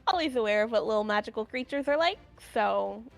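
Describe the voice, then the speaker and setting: A woman's voice: fairly high pitch, lively intonation, a little fast, vocal fry, soft background music. A woman playing in a tabletop game over an online call, casual and chatty with many fillers. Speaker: player.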